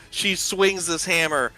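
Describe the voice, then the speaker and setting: A man narrating as game master of a tabletop game, loose and rambling with many fillers. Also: medium pitch.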